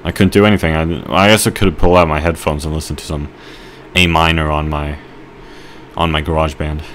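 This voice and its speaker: A man giving rambling let's play commentary, telling a halting story with mock outrage while he plays. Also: a bass voice, fairly even intonation, a bit bright, a little hiss or hum. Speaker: gamer.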